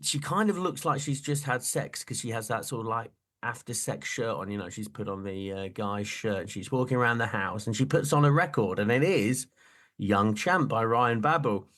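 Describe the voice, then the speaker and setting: A middle-aged man co-hosting a relaxed chat show. He talks in an animated, joking way, with his voice sitting at an ordinary middle pitch, and laughs often as he goes. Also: normal speed. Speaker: podcast co-host. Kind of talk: casual chat.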